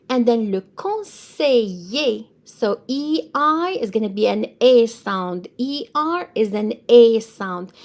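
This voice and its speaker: Woman, language teacher, slow, gravelly, spells and repeats words. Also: a little high. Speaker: French teacher. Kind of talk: vocabulary lesson.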